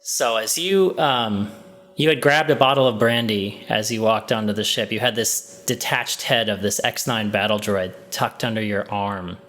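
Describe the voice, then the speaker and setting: A man running a tabletop game as game master, narrating a scene slowly in the second person with frequent ums and restarts. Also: fairly low pitch, fairly bright tone.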